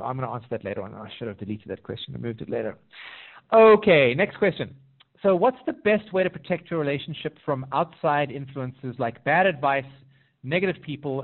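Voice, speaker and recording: A man working as a relationship coach, answering viewer questions in a live Q&A and telling stories with lively quoted voices. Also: a little high. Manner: animated storytelling with sing-song quoted voices. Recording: tinny phone-like audio.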